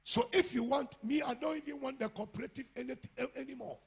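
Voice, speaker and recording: A man with a Ghanaian English accent preaching a sermon as pastor, swinging from quiet asides to loud shouts. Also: extremely high pitch, a little fast, creaky, husky. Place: church.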